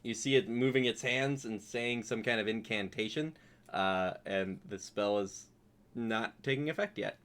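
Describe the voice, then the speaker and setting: A man's voice: lowish voice, moderate pace, a bit bright. A man narrating a tabletop game as dungeon master, describing the action with many fillers.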